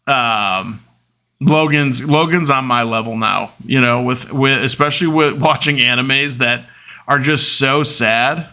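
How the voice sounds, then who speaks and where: Male host, 30s, casual monologue with a gravelly edge. Rambling and heartfelt, with plenty of ums and restarts. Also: medium pitch, a little slow, sharp tone. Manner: rambling, with many fillers and restarts; open and emotional. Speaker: podcast host.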